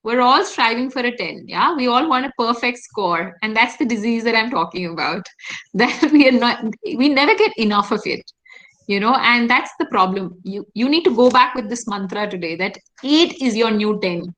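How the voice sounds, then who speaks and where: A woman with an Indian English accent runs a workshop over a video call, speaking in a fairly high voice. She keeps checking in with her listeners and asking them questions as she guides them through it. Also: expressive, normal speed, a bit bright, rough recording. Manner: engaging, asks the audience frequent questions. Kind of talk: interactive online workshop session.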